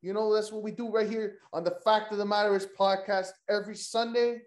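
Joking, cursing wrestling podcast host. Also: male voice, sits high, fairly even intonation, brisk, few pauses, reverberant. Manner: loose, joking, profane banter. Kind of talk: casual wrestling podcast chat.

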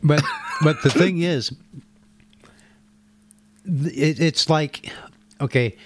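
A man's voice: on the high side, slow pace, a little hiss or hum. A man co-hosting a crude, casual live chat, laughing often and joking.

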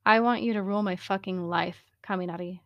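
A woman voicing a calm young man who speaks low and hushed, with a deadpan delivery, in a story reading. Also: fairly quick, dry recording, muffled recording, close to an everyday voice.

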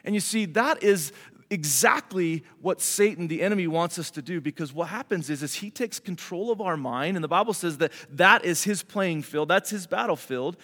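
A man's voice: high voice, lively intonation, moderate pace, a bit bright. A man preaching a sermon in a conversational way, asking the congregation rhetorical questions and calling for an amen. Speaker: pastor. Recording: hall reverb.

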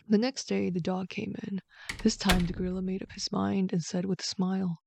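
Gravelly woman reading a bedtime story. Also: medium pitch, level tone, a little fast. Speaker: storyteller host.

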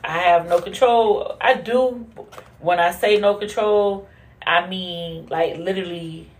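A woman hosting a casual monologue podcast, blunt and profane, who laughs often and swings from low mutters to high bursts. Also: takes it slowly. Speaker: podcast host.

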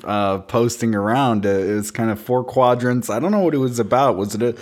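A man co-hosting a podcast, chatting casually and rambling through deadpan jokes with plenty of fillers. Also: medium pitch, brisk. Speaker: podcast co-host. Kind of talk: casual comedic chat, reviewing beer.

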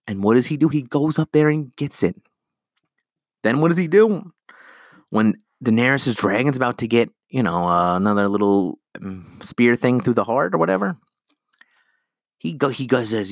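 A man hosting a solo podcast, ranting in an animated, rambling way and acting out characters' lines. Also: medium pitch, normal speed, dry recording, clean studio sound. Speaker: podcast host.

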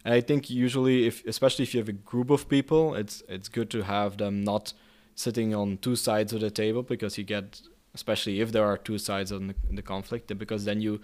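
A man's voice: lowish voice, little pitch movement, brisk, few pauses, a little mellow. A man being interviewed about his work as a mediator, speaking in a thoughtful, hesitant way with frequent restarts. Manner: hesitant, many restarts and fillers. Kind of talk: conversational interview answers.

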